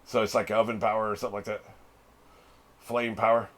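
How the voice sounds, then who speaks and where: A man's voice: on the low side, little pitch movement, a little fast, a bit bright. A middle-aged man hosting a reaction video, chatting casually as he watches, swearing freely and laughing often. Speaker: reaction channel host.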